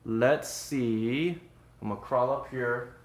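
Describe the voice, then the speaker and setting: A man's voice: medium pitch, slow pace. An upbeat, chatty man, hosting a casual live stream from his home kitchen. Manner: upbeat, chatty, says "y'all" a lot. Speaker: livestream host. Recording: roomy echo.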